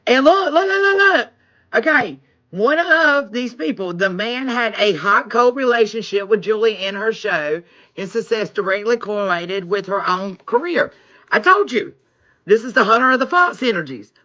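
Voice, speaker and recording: A woman reading tarot on a live stream, excitable and exclaiming, talking to viewers as y'all. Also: mid-range voice, normal speed, dull audio. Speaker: tarot reader.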